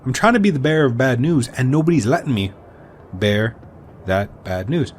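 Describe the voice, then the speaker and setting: A man's voice: mid-range voice, animated, moderate pace, a little mellow, slight background noise. A man hosting a let's play, commenting on a game with jokey, rambling asides.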